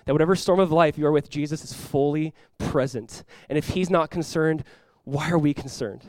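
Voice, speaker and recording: Animated preaching man, dry close sound. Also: fairly high pitch, normal speed, no echo. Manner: animated preaching, acting out dialogue with sudden loud outbursts. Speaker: pastor. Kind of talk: sermon.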